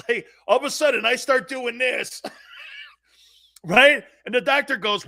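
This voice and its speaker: A man's voice: extremely high pitch, measured pace, gravelly, pushed and bright, no echo, studio quality. A man in his fifties, a sports talk host and former pro player, telling personal stories in a blunt, emphatic way with salty slang. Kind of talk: animated personal storytelling.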